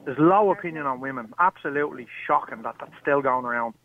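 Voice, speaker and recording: A man's voice: mid-range voice, quick pace, slight background noise. An Irish man calling in to a radio show from his car, indignant and mocking. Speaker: caller. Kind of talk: heated talk radio phone-in. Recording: tinny phone line from a car.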